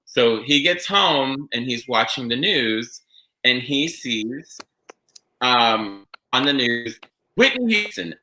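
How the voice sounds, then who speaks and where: Bright-voiced male podcast host. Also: mid-range voice, slow, a little hiss or hum, low-quality recording. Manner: rambling, animated storyteller. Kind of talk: casual chat.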